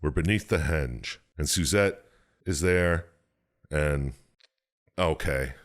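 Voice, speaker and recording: A man co-hosting a podcast, rambling through a game's plot with swearing and jumping into high put-on voices for the characters. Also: takes it slowly. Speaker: podcast co-host. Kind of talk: casual chat, recapping a game plot.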